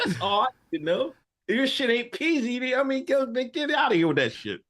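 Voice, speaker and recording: A man co-hosting a podcast in casual chat, animated and laughing. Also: fairly quick. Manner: animated, laughing, swings pitch widely when making a point. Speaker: podcast co-host.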